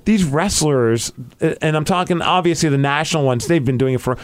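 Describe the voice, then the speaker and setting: A young man hosts a casual podcast, telling a story with excited, rambling energy. He pads his sentences with "like". His voice sits a bit higher than most men's. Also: a little fast. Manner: excited, rambling, heavy use of "like". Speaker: podcast host.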